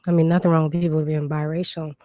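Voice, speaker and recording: A woman's voice: sits low, flat delivery, fast talker, mellow, no room sound, lo-fi sound. A woman hosting a casual livestream, reading out viewer questions and answering them with many ums and restarts, a cough drop in her mouth. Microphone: new desk microphone.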